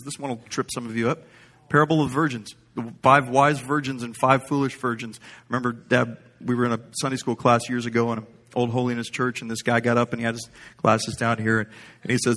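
A man's voice: medium pitch, fairly bright tone. Rambling, humorous preacher man. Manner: conversational, humorous, rambling storyteller. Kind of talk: sermon.

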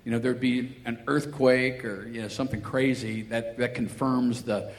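A man's voice: mid-range voice, steady tone, moderate pace. A man preaching a sermon, telling Bible stories and acting out the voices of the people in them. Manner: storytelling, acting out voices in quotes. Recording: long hall reverb, faint ambient noise.

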